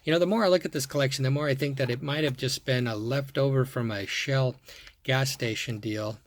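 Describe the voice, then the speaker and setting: A man's voice: medium pitch, fairly even intonation, a little fast, dry recording. A man showing off a toy car collection, talking casually and admiringly, repeating his words and thinking aloud as he goes. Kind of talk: casual show-and-tell vlog.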